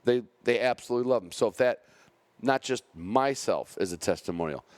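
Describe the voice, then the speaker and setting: A man's voice: mid-range voice, lively intonation, brisk, no echo. A man hosting a podcast, chatting casually and rambling through a story about his hunting dog, often restarting his sentences. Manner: rambling, self-correcting, chatty. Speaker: podcast host and bird dog handler.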